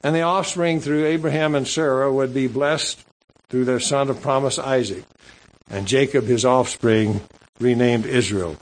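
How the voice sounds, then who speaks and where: A man preaching a sermon, reading scripture and adding asides in a measured, halting delivery with frequent repeats. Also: medium pitch, rough recording.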